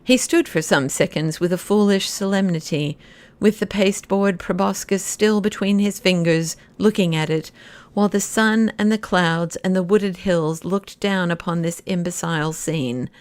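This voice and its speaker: A woman giving a measured, expressive audiobook narration of a classic novel. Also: on the low side.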